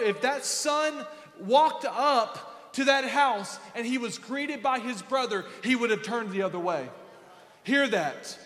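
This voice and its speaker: A man preaching a sermon in a church sanctuary, with a repetitive, impassioned cadence that swells into shouting. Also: very high voice, expressive, unhurried. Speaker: pastor. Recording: echoey hall with faint congregation.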